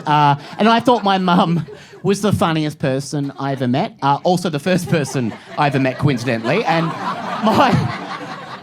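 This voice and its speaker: Lively Australian stand-up man. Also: fairly high pitch. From Phillip Island, Australia. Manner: chatty, self-mocking, with frequent "right?" tags and crude jokes. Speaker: stand-up comedian. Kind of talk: stand-up comedy set. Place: comedy stage before a live audience. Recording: live stage recording with audience noise.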